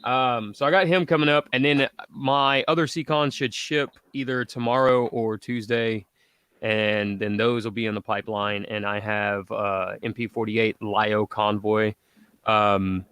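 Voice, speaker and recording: A man's voice: lowish voice, level tone, a little slow, fairly bright tone, clear, resonant tone, no echo. A man chatting casually as a guest on a live stream, jokey and talkative. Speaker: guest reviewer.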